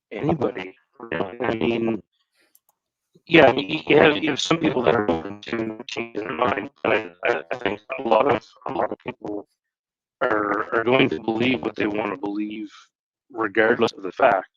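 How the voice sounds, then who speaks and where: A man speaking as a guest on a stream call, slow and deliberate in a casual chat, with some stammering. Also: on the low side, crowd noise. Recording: dull, muffled call audio.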